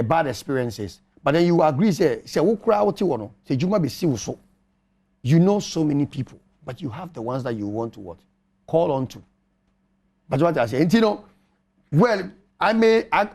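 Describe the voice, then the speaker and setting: A man's voice: on the high side, a little mellow. A middle-aged man with a Ghanaian accent, arguing on a talk show and firing off rhetorical questions. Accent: Ghanaian English. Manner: emphatic, argumentative, rhetorical questions. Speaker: panelist. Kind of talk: animated radio talk show commentary.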